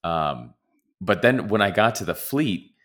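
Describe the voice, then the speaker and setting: A man's voice: low-pitched, animated, measured pace, a bit bright. A man co-hosting a casual podcast, talking in a rambling way with lots of restarts. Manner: rambling, self-interrupting. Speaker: podcast co-host. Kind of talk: casual chat about soccer.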